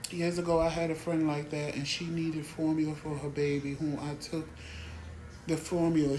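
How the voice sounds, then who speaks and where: A talk show host holds forth in a casual, blunt way, exasperated by people who take advantage. The voice sits at a middle pitch. The room is echoey, with a faint hum of noise underneath.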